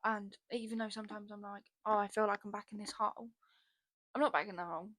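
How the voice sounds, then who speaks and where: A woman's voice: medium pitch, fairly even intonation, fast, fairly bright tone, no room sound. A young woman hosting a casual solo podcast, rambling and chatty, blunt and given to swearing, into a podcast microphone. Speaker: podcast host.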